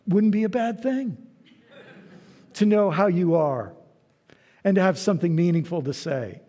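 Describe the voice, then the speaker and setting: A man's voice: high voice, animated, measured pace, long pauses, warm tone. A man giving a conversational church lecture, telling stories and acting out short dialogues. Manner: storytelling, acting out little dialogues. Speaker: guest lecturer. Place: large church hall. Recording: long hall reverb.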